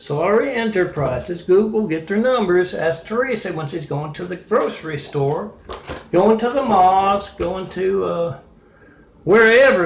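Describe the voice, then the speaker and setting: A man delivering an agitated, rambling monologue, halting often with fillers. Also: sits high, expressive, vocal fry, slight background noise. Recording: echoey, muffled lo-fi room recording.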